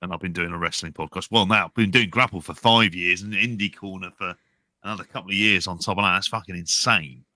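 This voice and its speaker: A man with a very low voice that still rings sharp and bright, giving blunt opinions as a podcast co-host. He swears freely and keeps a wry edge, recorded dry and close. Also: steady tone, fast talker, dry recording. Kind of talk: casual podcast chat.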